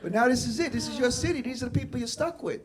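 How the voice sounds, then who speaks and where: A man's voice: very high voice, rapid-fire, heavy background noise. A man from Queens doing a brash, profane stand-up comedy set on a club stage. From Queens, New York. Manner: brash, profane, acts out dialogue. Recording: live club with audience laughter. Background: crowd laughing.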